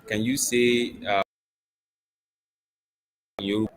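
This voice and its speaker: A man from Nigeria with a Nigerian accent, presenting a live software demo in a casual, chatty way with plenty of fillers. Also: on the low side, flat delivery, slow, no room sound. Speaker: tech presenter.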